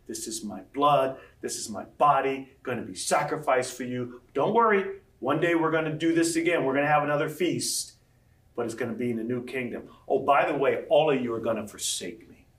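Animated preacher man in an echoey hall. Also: mid-range voice, a little fast. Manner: animated, acts out scripture quotes. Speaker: pastor. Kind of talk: sermon. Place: large room with audience. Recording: echoey room from far off.

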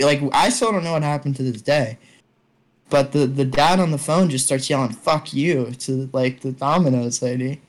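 Young man, casual storyteller, rambling, profane, filler-heavy, online call. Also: medium pitch. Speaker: storyteller among friends. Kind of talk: casual chat.

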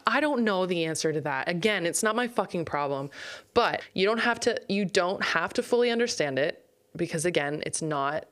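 A young woman hosting a solo podcast, ranting bluntly and swearing freely. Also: deep voice. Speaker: podcast host.

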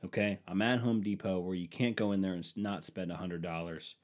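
A man's voice: sits low, fairly quick. A young man hosting a podcast, telling stories casually, swearing often and getting heated when he retells arguments. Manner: profane, animated ranting when retelling arguments. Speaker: podcast host. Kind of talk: casual storytelling.

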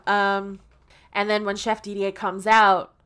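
Woman, podcast co-host, casual chat, animated storytelling, middle pitch. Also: slow, clear, resonant tone. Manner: animated retelling, acts out lines in mock voices. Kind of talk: casual chat recapping a film.

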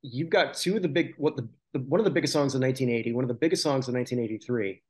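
A man of medium pitch races along in a slightly rough, a little mellow voice while co-hosting a podcast. He jokes and meanders through talk of old TV, frequently stopping to correct himself and start over.

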